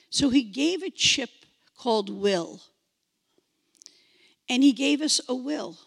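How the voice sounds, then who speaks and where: A woman in her sixties preaches an animated sermon, imitating beeping sounds and repeating phrases for emphasis. Her voice sits high with vocal fry, and a long reverb tail follows it.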